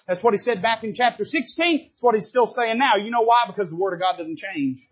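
A man preaching a sermon from a church pulpit, emphatic and lively, swinging between loud bursts and quiet asides and joking with the congregation. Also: high voice, moderate pace, few pauses, highs cut off. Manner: quips to the congregation. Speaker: Baptist preacher.

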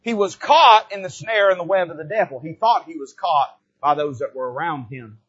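A man preaching a sermon from a church pulpit, swinging from soft, low asides to loud, emphatic rises. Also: moderate pace, breathy edge. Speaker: pastor. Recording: dull lo-fi church recording.

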